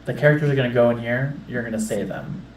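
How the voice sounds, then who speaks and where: A man hosting a casual livestream, talking a guest through a setup in quick, instructing bursts. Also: mid-range voice, slight background noise. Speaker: livestream host. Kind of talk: casual behind-the-scenes setup chat. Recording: roomy distant mic with faint ambience.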